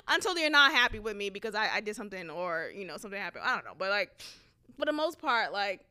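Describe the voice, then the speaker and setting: A woman's voice: mid-range voice, very animated, fast, pushed and bright, clear, resonant tone. A young woman of Haitian background telling a story in a chatty, casual way, laughing often and swearing freely.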